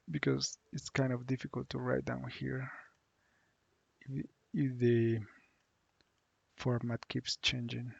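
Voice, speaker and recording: A man from Mexico, teaching a lesson online and saying the model phrases slowly so learners can repeat them. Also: medium pitch, creaky, husky, no room sound. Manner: slow, drawn-out model phrases for repeating aloud. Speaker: Spanish teacher.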